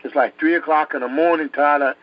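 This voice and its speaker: A man's voice: on the high side, fairly even intonation, a little fast, dry recording. A man from New York telling a dramatic personal story, emphatic and repeating words for effect. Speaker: guest telling his testimony. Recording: dull dry recording.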